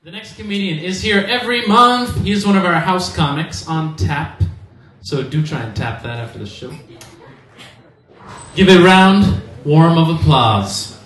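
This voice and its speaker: Man, stand-up comic, high voice, rambling, roomy club sound from a distance. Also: animated, a little slow. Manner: loose, rambling delivery with bursts of shouting. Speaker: stand-up comedian. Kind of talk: stand-up comedy set. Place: comedy club stage. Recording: echoey room, distant mic, faint noise.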